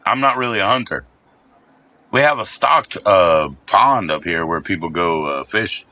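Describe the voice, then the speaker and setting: A man's voice: low voice, expressive, a little slow, pushed and bright. A middle-aged man streaming live, rambling in casual chat, crude and joking, teasing his chat in a sing-song voice.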